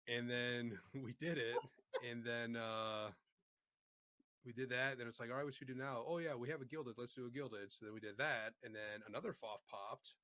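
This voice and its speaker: A man co-hosting a casual gaming podcast, joining in with relaxed, joking banter. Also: medium pitch, normal speed, dry recording. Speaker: podcast co-host.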